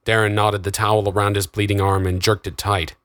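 A man reading a fantasy novel aloud in steady, dramatic narration. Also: lowish voice, fairly quick, dry recording, studio quality. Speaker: audiobook narrator. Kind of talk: scripted narration.

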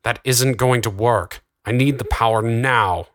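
A man's voice: mid-range voice, a little slow, fairly bright tone, no echo, clean studio sound, natural voice. A man voicing a curt, commanding doctor in an audiobook. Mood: strained. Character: stern commanding male doctor.

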